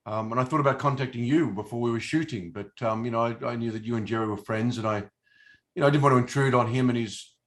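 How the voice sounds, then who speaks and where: A man's voice: medium pitch, a bit bright. A middle-aged man, an actor being interviewed, talking casually in a rambling, hesitant way with many fillers and restarts. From Australia. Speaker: actor guest.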